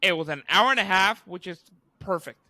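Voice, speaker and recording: A man's voice: sits high, a little fast, sharp tone, no echo, clean studio sound. A young man co-hosting a podcast, swearing freely and joking, often slipping into impressions of the people he talks about. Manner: profane, joking, mimics others mid-story. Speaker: podcast co-host. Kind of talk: casual podcast chat.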